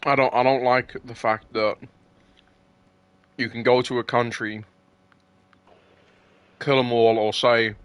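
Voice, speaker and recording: A man's voice: medium pitch, flat delivery, takes it slowly, pauses often, fairly bright tone, clear, resonant tone, no room sound. A man arguing heatedly in casual chat, swearing often and tripping over his words. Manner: heated, swears freely, stumbles and repeats himself.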